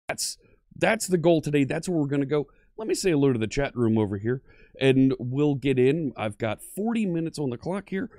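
A man hosts a live-streamed coding lesson, cheerfully welcoming chat viewers by name. His voice is animated and swings widely in pitch. The sound is dry and close, with no room echo. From Pennsylvania. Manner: upbeat, friendly, greets viewers one by one.

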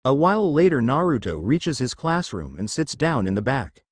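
A man reading a fan fiction story aloud as narrator, with an even storytelling delivery. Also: medium pitch, normal speed, no echo, clean studio sound.

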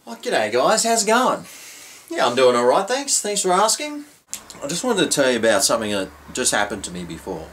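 A man's voice: medium pitch, huge pitch swings, brisk, fairly bright tone, a little hiss or hum. Grumpy, swearing Australian man ranting. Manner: grumpy, profane, exasperated ranting. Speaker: vlogger. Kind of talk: comedic rant to camera.

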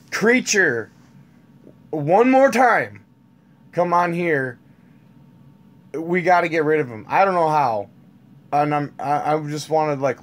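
Male channel host, angry political rant to camera, slow and sputtering, a fairly high voice. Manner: slow, heated, sputtering, swings between yelling and trying to calm down.

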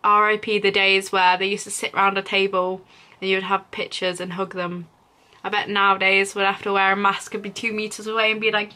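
A woman's voice: medium pitch, level tone, a little fast, pushed and bright. A young woman giggling through self-mocking commentary on an old video of herself. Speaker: YouTuber.

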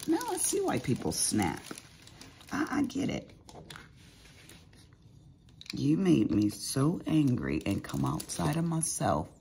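Middle-aged woman, sassy chatty storyteller, wildly swooping pitch, slow drawl, faint hiss. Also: huge pitch swings, vocal fry, dark tone. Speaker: crafting vlogger. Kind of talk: casual chat while crafting.

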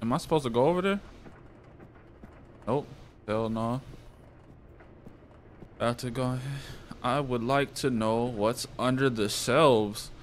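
A man playing a horror game, talking to himself and breaking into loud, profane reactions and shrieks. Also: medium pitch, unhurried, long pauses, slight background noise. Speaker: gaming YouTuber. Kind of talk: horror game let's play commentary.

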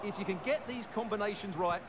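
A man voicing a football co-commentator in a video game, explaining tactics in a measured way. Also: high-pitched, natural voice. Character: male football pundit, measured and analytical. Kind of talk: scripted colour commentary. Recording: game audio with loud background noise.

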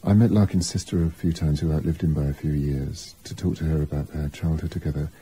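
A biographer talking reflectively in an interview, thinking aloud with asides and restarts. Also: male voice, rumbling low, steady tone, fairly quick, warm tone, husky, rough recording.

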